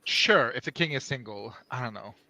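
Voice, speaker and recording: A man's voice: medium pitch, expressive, moderate pace, bright, forceful tone, no echo. A man co-hosting a casual writing stream, joking playfully about fantasy novel ideas. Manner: quippy, playful, jokes about himself. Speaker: streamer co-host.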